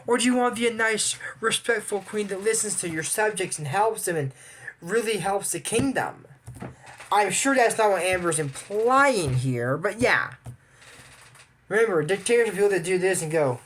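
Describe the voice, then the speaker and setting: A man's voice: high-pitched, expressive, measured pace, a bit bright. A young man from Amarillo, Texas, chatting casually as he reviews a cartoon episode. He rambles and adds apologetic asides. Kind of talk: casual commentary.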